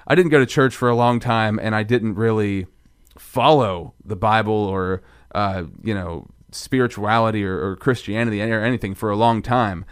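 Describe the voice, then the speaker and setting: Man in his thirties, podcast co-host, rambling animated chat, slightly low voice. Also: moderate pace, clean tone. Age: 30s. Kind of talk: casual faith podcast chat.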